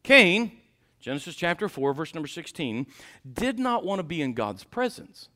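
A man preaching a sermon in a warm church, dropping to quiet asides and rising to loud climaxes. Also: very animated, normal speed. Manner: swings from low asides to shouted climaxes.

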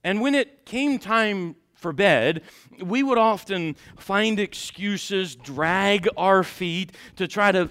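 A man preaching a sermon in a church and telling a personal story in an animated way, laughing along with the congregation. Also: high-pitched, slow, clean tone. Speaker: pastor. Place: church sanctuary.

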